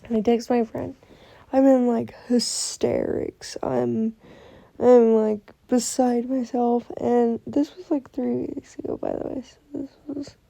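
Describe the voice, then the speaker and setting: A woman's voice: on the high side, flat delivery, a little slow, creaky, warm tone, no echo, rough recording. A young woman telling an emotional personal story, rambling with restarts and quoting what others said. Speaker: vlogger.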